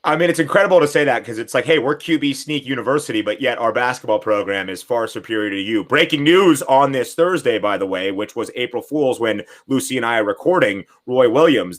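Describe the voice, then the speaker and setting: A man's voice: mid-range voice, a bit bright. A man hosting a podcast, joking with his guest in casual chat in a wry, teasing way. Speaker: podcast host.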